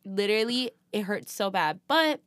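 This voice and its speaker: A woman co-hosting a podcast, telling a story in animated casual chat with lots of laughs and fillers. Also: mid-range voice, moderate pace, no echo, studio quality. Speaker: podcast co-host.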